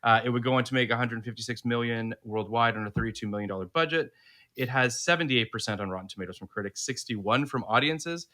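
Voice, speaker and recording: A man's voice: medium pitch, fast talker, pushed and bright. A man co-hosting a casual film podcast, laughing often and reading out a synopsis. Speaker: podcast co-host.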